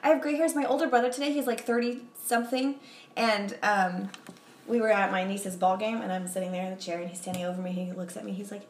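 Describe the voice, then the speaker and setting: A young woman talks casually and giggles often, rambling through personal stories at a middling pitch. She is recorded in a roomy space with a faint hiss behind her. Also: little pitch movement, fast talker. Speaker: podcast guest. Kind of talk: casual chat. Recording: roomy echo, faint background noise.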